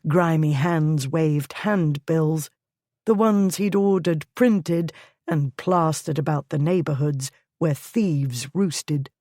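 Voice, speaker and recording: A woman narrating a historical romance audiobook in a steady, measured reading. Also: on the low side, no room sound, studio quality. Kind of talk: scripted narration.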